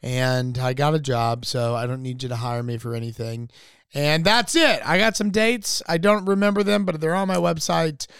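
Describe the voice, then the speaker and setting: A man co-hosting a music podcast, playful and teasing, with excitable reactions. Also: a little high, moderate pace, clear, resonant tone, dry recording, clean studio sound. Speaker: podcast co-host. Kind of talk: casual podcast chat.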